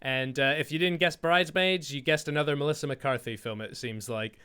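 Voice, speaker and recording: Bright, crisp-voiced man co-hosting a podcast. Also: fairly high pitch, fairly quick. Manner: animated, laughs often while reading out quiz answers. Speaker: podcast co-host. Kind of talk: casual chat.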